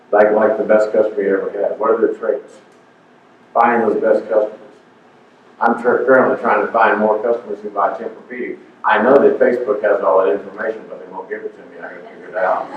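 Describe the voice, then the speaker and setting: A man's voice: lowish voice, fairly bright tone, a little hiss or hum. An older man giving an emphatic, preachy motivational talk as a guest speaker, repeating his points. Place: community center hall. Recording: echoey hall, far off, dull sound.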